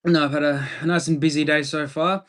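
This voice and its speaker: A man's voice: a little high, flat delivery, brisk, fairly bright tone. An Australian man chatting casually on a livestream, laid-back and rambling as he answers viewer comments.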